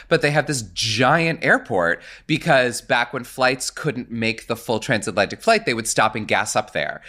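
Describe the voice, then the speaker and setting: A man co-hosting a podcast in casual chat, animated and laughing often as he tells a story. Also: medium pitch. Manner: animated, laughs often, slips into quoted voices. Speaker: podcast co-host.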